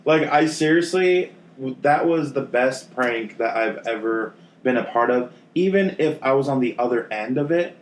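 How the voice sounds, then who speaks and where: A man's voice: medium pitch, animated, normal speed. A man co-hosting a podcast, joking and laughing in casual chat. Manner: joking, laughing between lines. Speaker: podcast co-host. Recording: roomy mic with noise.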